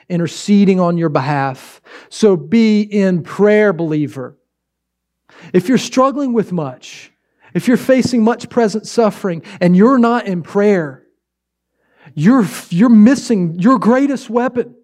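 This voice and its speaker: A man's voice: sits high, mellow. A pastor preaching a sermon, exhorting with repeated emphatic phrases and shifting his pace for effect.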